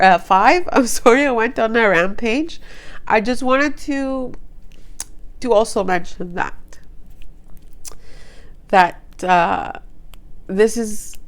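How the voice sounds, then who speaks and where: A woman in her thirties talking straight to camera in a personal vlog, earnest and impassioned, a little emotional, rambling with restarts as she makes her point. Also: on the high side. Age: 30s. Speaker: vlogger.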